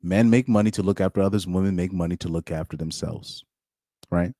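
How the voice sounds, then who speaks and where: Male channel host, low mellow voice, opinionated live commentary, keeps repeating his points, dry close sound. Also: a little fast, no room sound. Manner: opinionated, repeats phrases for emphasis. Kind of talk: casual live reaction commentary.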